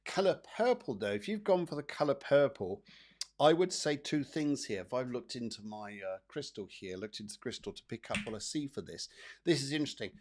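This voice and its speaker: A man's voice: medium pitch, lively intonation, brisk, a little mellow. A man hosting a live psychic show, reading cards for viewers in a rambling, chatty way with many repeats and fillers. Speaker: psychic medium host.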